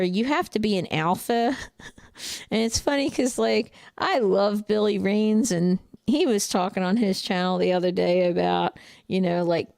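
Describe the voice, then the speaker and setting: Blunt gravelly woman trucker with a Jersey accent. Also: mid-range voice, a little mellow, no echo, clean studio sound. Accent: New Jersey. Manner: blunt, outspoken, laughs often. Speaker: truck driver and trainer. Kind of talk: casual livestream chat reading viewer comments.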